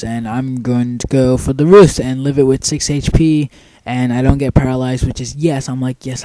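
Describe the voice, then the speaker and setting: A man's voice: mid-range voice, warm tone, no echo. A young man giving casual, rambling commentary over a game he played, full of ums and offhand swearing. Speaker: gameplay commentator.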